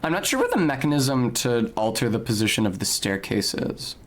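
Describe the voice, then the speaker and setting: A man's voice: mid-range voice, sing-song, brisk, slight background noise. A man streaming a video game, narrating his play in a wry, casual way and swearing now and then. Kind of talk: casual gameplay commentary.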